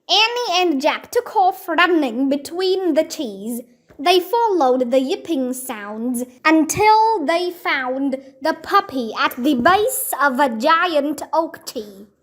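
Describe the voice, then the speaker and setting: A woman reading a children's book aloud in calm, clear storybook narration. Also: sits high.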